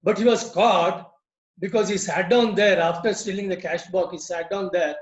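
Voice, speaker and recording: A man's voice: high voice, steady tone, normal speed, roomy sound, highs cut off. A man giving an earnest moral talk full of stories over a video call. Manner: earnest, repetitive storytelling. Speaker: lodge speaker.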